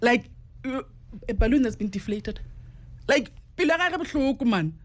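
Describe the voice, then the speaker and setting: A woman's voice: on the high side, lively intonation, moderate pace. South african woman guest telling her story, acts out what people said. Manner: vivid, repeats quoted speech. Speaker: guest, para-athlete and journalist. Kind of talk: emotional personal storytelling.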